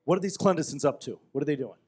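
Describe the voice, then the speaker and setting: A man's voice: on the high side, expressive, very fast, a little mellow, husky. A man playing a tabletop role-playing game, joking in casual banter. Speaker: player.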